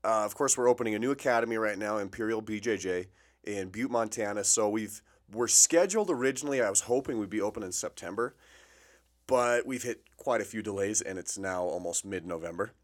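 A man's voice: fairly low pitch, brisk. A man co-hosting a podcast, chatting in a laid-back, joking way in a small office. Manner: laid-back, joking, says "bro" and "dude". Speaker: podcast co-host. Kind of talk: casual chat.

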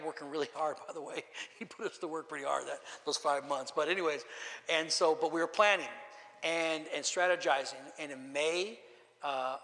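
A man's voice: a little high, pushed and bright, long reverb tail. A man pastor preaching a testimony sermon in a storytelling way, emotional and repeating his words.

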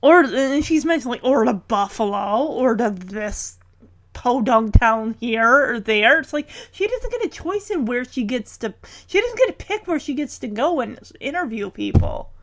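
Chatty woman with a bright voice. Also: fairly high pitch, big pitch swings, normal speed, no room sound. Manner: chatty, rambling, with frequent filler "like". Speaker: TV episode recapper. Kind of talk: casual episode recap.

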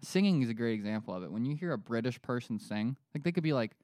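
A man's voice: mid-range voice, expressive, quick pace, darkish tone, no echo. A man from Pennsylvania co-hosting a casual podcast chat, joking around and reading news stories aloud. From Pennsylvania, USA. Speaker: podcast co-host.

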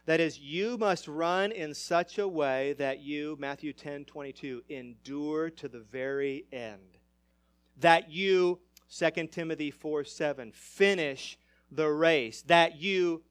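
Male pastor, slow and deliberate, dry close sound, emphatic sermon delivery. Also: high-pitched, clear, resonant tone, no room sound. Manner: emphatic preaching with big swings in loudness.

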